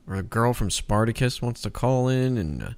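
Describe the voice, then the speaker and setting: A man's voice: medium pitch, expressive, normal speed, darkish tone. A young adult man co-hosting a podcast in casual chat, rambling with frequent laughs and swearing. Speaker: podcast co-host.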